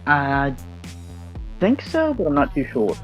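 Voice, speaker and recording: A man's voice: on the high side, wildly swooping pitch, takes it slowly, soft background music. A man calling into a live stream, answering in a hesitant, unsure way. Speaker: caller. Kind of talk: casual live-stream chat. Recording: dull lo-fi call audio.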